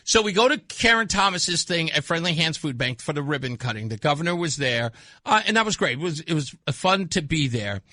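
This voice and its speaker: A man's voice: fairly high pitch, no room sound, studio quality. A man hosting a radio talk show, telling stories in casual on-air banter and laughing often. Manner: animated storytelling, laughs often. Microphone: studio microphone.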